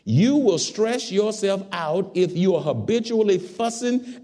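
A man preaching a sermon, swinging from loud exhortation to soft, low asides. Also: big pitch swings, moderate pace, few pauses.

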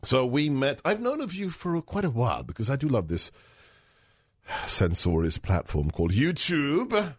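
A man with a British-sounding accent runs a talk radio interview, bantering and teasing his guest. His voice sits at a middle pitch and sounds close and dry, with no room around it. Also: huge pitch swings, moderate pace, no echo. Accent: British-educated. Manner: joking, teasing, banter-heavy. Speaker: radio talk show host. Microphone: studio mic.

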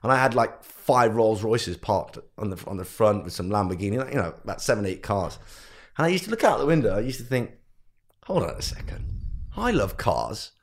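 A young man with a low voice tells his story as a podcast guest, bringing his parents and teachers to life as he quotes them. He speaks casually and with energy, and his voice swings up when the story gets lively. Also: fairly quick. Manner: animated storyteller who acts out quotes of family. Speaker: guest entrepreneur.

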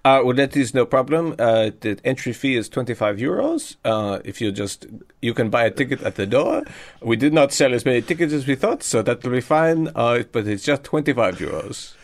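A man's voice: mid-range voice, animated, moderate pace, close to an everyday voice. A man voicing a polite, flustered rave bouncer who stammers and hesitates.

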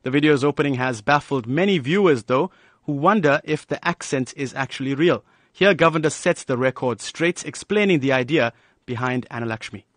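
Man, news reporter, scripted upbeat narration, middle pitch, very dry sound. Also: normal speed, a bit bright, dry recording. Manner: polished, upbeat feature delivery.

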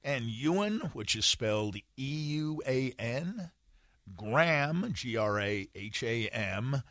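Bright-voiced radio co-host. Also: male voice, medium pitch, big pitch swings, takes it slowly, dry recording, studio quality. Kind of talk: radio talk show, announcing contact details. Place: radio studio.

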